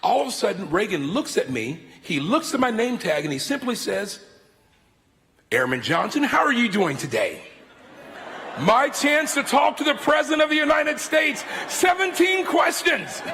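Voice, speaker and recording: A man in his fifties giving a sermon as guest speaker, telling stories in an animated, theatrical way into a stage microphone in a large worship hall. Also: very high voice, moderate pace, creaky, hardly any pauses. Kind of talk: sermon with storytelling. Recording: long reverb of a large hall.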